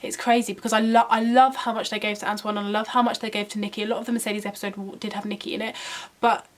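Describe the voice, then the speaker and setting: A woman's voice: medium pitch, little pitch movement, very fast. A young woman vlogging at home, giving a casual, emphatic opinion chat full of "like" and "um". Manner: chatty and emphatic, many "like" and "um" fillers. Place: room at home.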